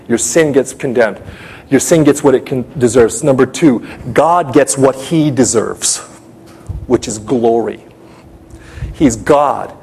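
Husky-voiced preacher giving an urgent sermon. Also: male voice, medium pitch, darkish tone. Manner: urgent, direct address to listeners, dramatic storytelling. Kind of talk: sermon with personal story.

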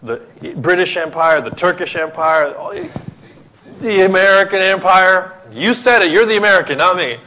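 A man's voice: high voice, expressive, normal speed, sharp tone, slight background noise. A man from the Philippines, preaching a sermon as pastor, emphatic and full of rhetorical questions.

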